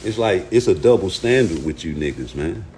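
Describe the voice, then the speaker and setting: Heated, low-voiced man ranting to chat. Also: animated, normal speed, a little mellow. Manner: profane, heated, argues with viewers. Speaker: boxing commentary streamer. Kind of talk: livestream rant to chat.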